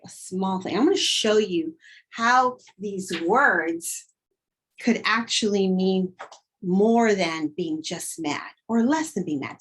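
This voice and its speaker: Woman teacher, husky voice, slow and deliberate, vocabulary lesson, acts out feelings. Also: medium pitch, rough recording. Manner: acts out emotions with dramatic quoted lines.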